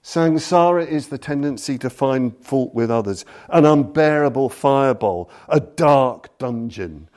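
Slow, deliberate man telling a story. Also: mid-range voice, lively intonation, a little mellow. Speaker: lecturer on Buddhism. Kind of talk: storytelling lecture.

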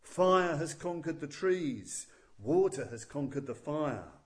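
A man's voice: fairly high pitch, sing-song, slow pace. A man giving voice to two tiny, playful magical animals, a little pig and a little horse, chanting a sing-song verse of victory in a told legend. It stays close to the storyteller's own voice, paced as a chant. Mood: triumphant.

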